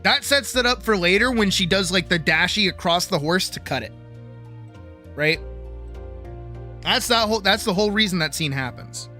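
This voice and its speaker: A woman's voice: mid-range voice, animated, normal speed, pauses often, sharp tone, faint music behind. A woman streaming live, chatting animatedly about character writing, swearing freely and checking in with "right?". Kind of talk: casual livestream chat about character writing.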